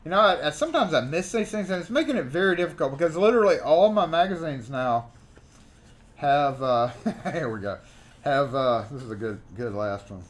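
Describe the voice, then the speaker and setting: A man's voice: a little high, a little fast. A man hosting a live stream, reading old magazine letters aloud with theatrical flair and joking asides. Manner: animated, jokey, theatrical reading. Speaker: host.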